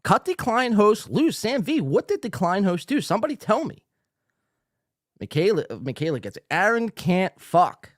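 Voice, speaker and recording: Profane, lively-voiced podcast host. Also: male voice, high voice, moderate pace, no room sound, studio quality. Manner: loud, profane, hyped yelling; profane rambling chat reading viewer comments. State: out of breath. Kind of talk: live-streamed podcast talk. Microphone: studio mic.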